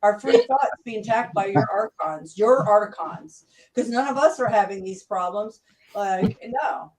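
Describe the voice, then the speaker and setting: A woman's voice: medium pitch, lively intonation, unhurried, darkish tone, distant mic, poor audio. A woman hosting a livestream discussion who talks in a heated, profane, confrontational way. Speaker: channel host.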